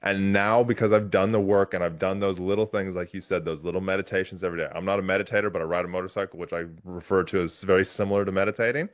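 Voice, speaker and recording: A middle-aged man with a very low voice hosts a relaxed conversational interview. He tells a personal story with animated energy, often breaking off and restarting his sentences. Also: fast, few pauses. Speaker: podcast host.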